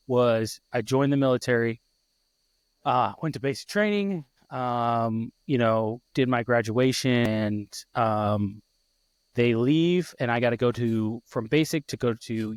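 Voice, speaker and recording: A man in his thirties, a podcast host, telling an emotional personal story in a heartfelt, halting way full of restarts. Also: mid-range voice, dry recording.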